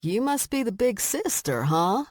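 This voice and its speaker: A woman's voice: fairly high pitch, sing-song, measured pace, a little mellow, no echo, studio quality, pitched above the performer's own voice. A woman narrator voicing a composed young male lion shifter, speaking in a patient, formal way. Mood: businesslike.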